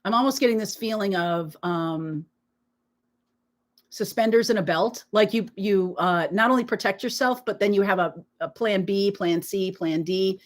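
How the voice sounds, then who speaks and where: A woman hosting a live tarot reading, talking to her viewers in a reassuring, emphatic way while nursing a sore throat. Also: medium pitch. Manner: reassuring, emphatic, peppered with "okay?". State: sore throat, frequent throat-clearing. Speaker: tarot reader, live stream host.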